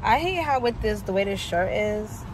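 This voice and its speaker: A woman's voice: medium pitch, animated, normal speed. A young woman chatting casually to her vlog camera, laid-back and full of slang and fillers. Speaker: vlogger. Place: home and parked car. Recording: noisy background.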